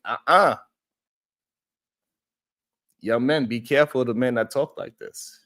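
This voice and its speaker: A man runs a live-stream show, talking directly to viewers with preachy, animated commentary and frequent swearing. High-pitched, he speaks at a moderate pace with long pauses, recorded through a streaming setup.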